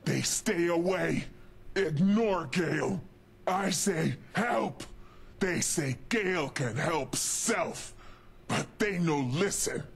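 A man's voice: on the high side, gravelly, husky, exaggerated voice. An actor playing a huge, angry male super mutant who speaks in broken sentences and refers to himself in the third person. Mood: aggrieved, threatening. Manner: broken speech, referring to self in third person, shouting bursts. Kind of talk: video game dialogue.

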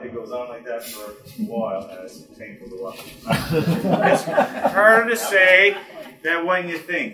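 Joking Newfoundland bar host in an echoey room. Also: male voice, fairly high pitch, sing-song, measured pace, distant mic, music in the background. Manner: joking, teacherly, drilling the crowd in phrases. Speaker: bar host leading a screech-in ceremony. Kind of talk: comic ceremony patter to a crowd.

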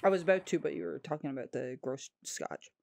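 A woman's voice: low voice, fast, creaky, a little mellow. A woman co-hosting a casual cocktail podcast, frank and chatty, swearing freely. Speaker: podcast co-host. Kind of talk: casual chat.

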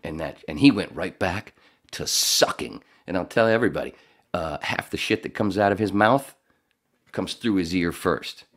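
A man with a very low, deep voice tells a story in loose, rambling podcast chat. He swears freely and restarts his sentences often, then jumps up in pitch when he mimics other people. He works as a radio voiceover artist. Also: moderate pace, fairly bright tone. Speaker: podcast host telling a story. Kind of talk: casual profane storytelling.

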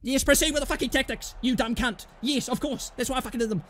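This gaming YouTuber, a young man, has an extremely high, fairly bright voice and talks quickly while reacting to a football manager game. Constant swearing accompanies his swings from panic to screaming joy, and faint background noise can be heard.

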